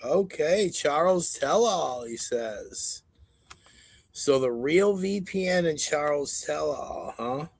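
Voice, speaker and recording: A man's voice: fairly high pitch, expressive, takes it slowly, creaky. A man hosting a live stream in a casual, profane and mocking way, rambling to his audience. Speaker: stream host.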